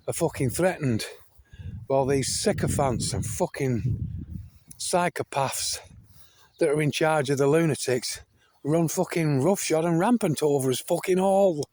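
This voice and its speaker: A man's voice: medium pitch, darkish tone, no echo. An older man delivering an emphatic, profanity-heavy rant to his viewers, repeating himself and calling them folks. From United Kingdom. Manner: heavy swearing, keeps addressing listeners as folks; repetitive, emphatic, restarts. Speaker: video blogger. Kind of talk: ranting monologue to camera.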